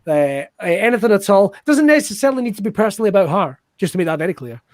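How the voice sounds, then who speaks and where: A man hosting a live online improv show, excitable and quick to laugh, swearing freely as he talks to viewers. He is recorded close on a video-call mic with a dry sound and no room. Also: sits high, no echo. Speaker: host.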